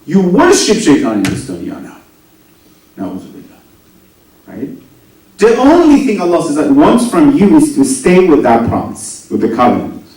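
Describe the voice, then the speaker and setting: Guy giving a sermon, goes loud then quiet, asks the crowd stuff, kinda high voice, super echoey hall. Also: moderate pace, recorded from a distance. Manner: animated, rising and dropping to near whispers, asks the audience questions. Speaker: preacher.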